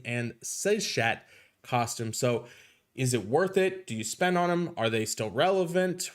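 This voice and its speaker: A man hosting a casual game live stream, upbeat and chatty as he greets viewers by name. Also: fairly high pitch.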